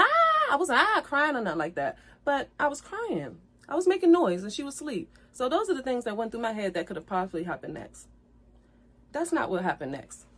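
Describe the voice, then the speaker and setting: A woman's voice: mid-range voice, fairly bright tone. Woman vlogger, emotional storytime: earnest, apologetic, repetitive, building to heated indignation, on the edge of tears. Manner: earnest, apologetic, repeats herself, grows heated. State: tearful at times. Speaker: vlogger telling her side of a breakup.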